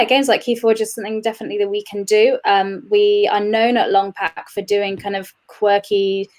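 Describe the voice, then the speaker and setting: A young woman guest talking casually in an interview. Her voice sits at an ordinary middle pitch. She rambles cheerfully, laughs a lot and leans on fillers. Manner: chatty, laughs often, many fillers. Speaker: guest, games industry administrator.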